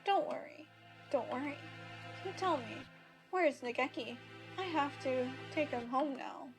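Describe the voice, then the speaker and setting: A woman doing a gently menacing killer teacher. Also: sits high, expressive, unhurried. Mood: soothing. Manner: gentle then eerily repetitive. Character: soft-spoken male teacher turned unhinged killer. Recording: game music playing behind.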